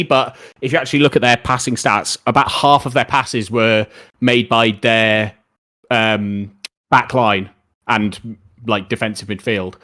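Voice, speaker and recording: A man's voice: mid-range voice, pushed and bright. A young man streaming live, chatting casually about football and answering viewer questions in a rambling, opinionated way.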